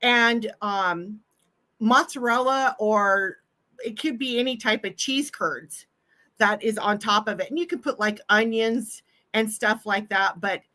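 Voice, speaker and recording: Bright, laughing Pacific Northwest woman. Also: medium pitch, a little slow. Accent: Pacific Northwest American. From Washington State, USA. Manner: chatty, laughs often, many fillers. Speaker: livestream host. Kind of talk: casual chat.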